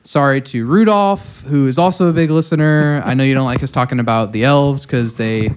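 A man's voice: mid-range voice, fairly quick, slight background noise. A man co-hosting a podcast, riffing with raunchy, jokey humor. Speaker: podcast co-host. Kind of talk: crude comedic chat.

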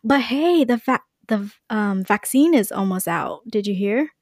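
A woman's voice: mid-range voice, animated, normal speed, darkish tone, dry recording, studio quality. A young woman chatting casually on a podcast, with a lot of "like" and "you know". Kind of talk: casual chat.

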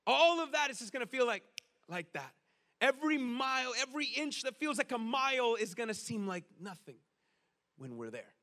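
Brief: male preacher, conversational sermon delivery, high, sharp voice. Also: moderate pace. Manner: energetic, conversational, addresses the crowd as guys.

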